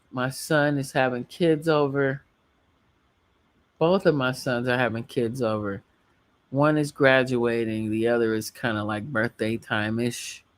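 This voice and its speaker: A middle-aged woman hosting a livestream from home, chatting casually and rambling while laughing often. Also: very deep voice. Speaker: livestream host.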